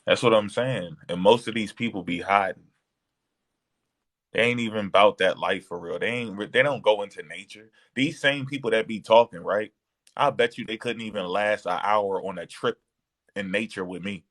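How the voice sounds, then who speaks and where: A man's voice: fairly low pitch, normal speed, fairly bright tone. A man, boasting in casual podcast chat.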